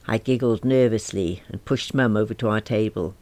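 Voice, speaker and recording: A woman's voice: extremely low pitch, moderate pace, few pauses, dark tone, no room sound. A middle-aged woman narrating a comic diary novel in a wry, self-mocking manner. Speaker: audiobook narrator.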